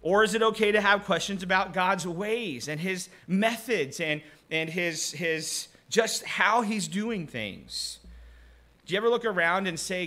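A man's voice: high-pitched, expressive, measured pace, bright, forceful tone. A man preaching a conversational sermon, asking rhetorical questions and acting out short quoted voices.

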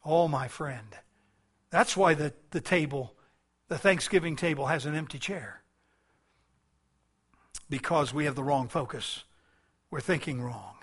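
A man preaching a sermon in an earnest style, swelling loud and then dropping soft. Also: a little high, a little slow, long pauses, breathy edge. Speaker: pastor.

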